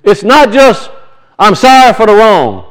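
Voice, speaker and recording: A man's voice: high voice, sing-song, unhurried, rough recording. A man preaching a sermon, teaching from scripture and emphatically asking and answering his own questions.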